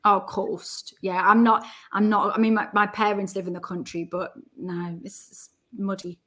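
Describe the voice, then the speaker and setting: A Geordie woman in her thirties from the North East of England chats casually as a guest, frank and jokey and quick to laugh. Her voice is mid-range and fairly bright, with a level tone.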